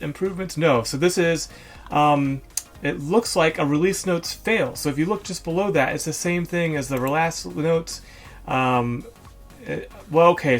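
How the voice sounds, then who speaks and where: A man's voice: fairly high pitch, a bit bright. A man hosting a casual screen-share walkthrough, chatty and thinking aloud, correcting himself often with ums. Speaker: host of a software store review show.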